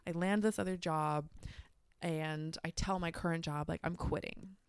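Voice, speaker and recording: Profane, animated woman telling a story. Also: low voice, moderate pace, clean tone, no echo. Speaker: guest. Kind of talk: casual storytelling chat.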